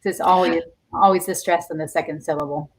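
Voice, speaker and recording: A woman's voice: on the low side, fairly even intonation, quick pace. Woman, lesson participant, video call, confident, explaining stress in words. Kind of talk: explaining dialect pronunciation.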